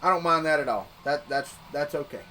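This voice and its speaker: Working at his 3D printer, a Florida man with a Southern US accent and a high, pushed, bright voice talks briskly to his livestream audience. The casual chat rambles, with frequent restarts and repeated words, over a faint hum of room ambience.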